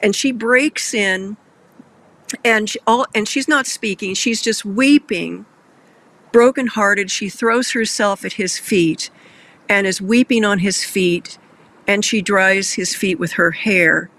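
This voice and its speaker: A man with a high, gravelly voice hosts a Christian discussion show. He tells Bible stories in an earnest, heartfelt way, with a bright, tense edge to his tone. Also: slow. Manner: earnest, emotional storytelling.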